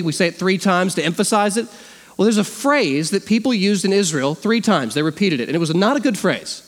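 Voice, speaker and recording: A man preaching a sermon as a pastor, animated, acting out the voices he quotes. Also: high-pitched. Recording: long hall reverb.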